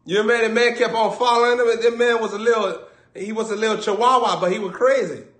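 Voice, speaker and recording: High-voiced preacher in an echoey room. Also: male voice, fast talker. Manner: animated, shouts and acts out scenes. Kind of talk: comedic sermon with acted bits.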